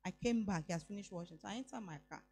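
A woman's voice: mid-range voice, very fast, gravelly, a little mellow, slight background noise. A middle-aged woman with a Nigerian accent, preaching a sermon and telling a personal story, slipping into Yoruba phrases. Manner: emphatic, voice rising on declarations.

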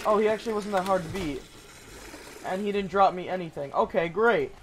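A young man hosting a gaming channel, giving casual, excitable gameplay commentary and swearing when startled. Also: sits high, fairly quick, slight background noise.

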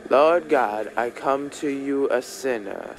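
A man voicing an elderly church woman who gently leads a young man through a prayer, slow and preacherly. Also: medium pitch, vocal fry, a little hiss or hum. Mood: tender pleading.

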